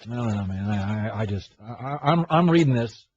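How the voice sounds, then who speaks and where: A man's voice: fairly low pitch, lively intonation, fairly quick, a little mellow, breathy edge. Guy hosting sports radio, ranting in disbelief, kinda muffled lo-fi audio. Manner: incredulous, ranting, sarcastic. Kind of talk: opinionated sports talk.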